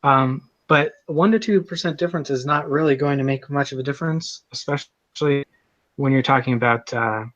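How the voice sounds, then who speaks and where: A man's voice: mid-range voice, moderate pace, a bit bright, no echo. Guy breaking down technical stuff in a debate, muffled dry sound. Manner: explains in technical detail.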